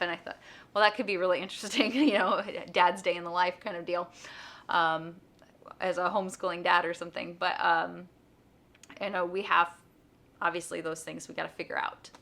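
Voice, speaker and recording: Middle-aged woman vlogger, lower pitch, bright tone, casual and chatty with lots of "um" and "you know". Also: gravelly. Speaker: vlogger, homeschooling mom and nurse. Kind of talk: casual personal storytelling.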